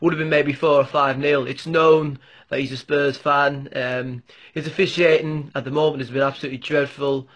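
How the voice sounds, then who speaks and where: A man's voice: a little high, level tone, normal speed, a bit bright. A man impersonating a blunt male football pundit who complains about a referee and swears. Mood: grumbling.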